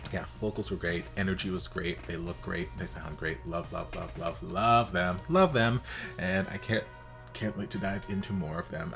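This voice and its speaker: A man hosting a reaction video in casual, campy commentary, leaping into high exaggerated exclamations.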